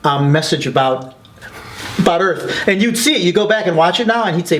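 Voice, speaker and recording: A man's voice: high-pitched, fairly quick, a little hiss or hum. A man being interviewed as a documentary filmmaker, telling stories with lots of energy and acting out the people he quotes. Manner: excited, quotes people in lively voices. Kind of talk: animated interview storytelling.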